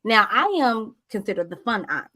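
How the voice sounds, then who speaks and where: A woman in a casual podcast discussion, telling a personal story in an animated, candid way. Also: medium pitch, moderate pace, dry recording.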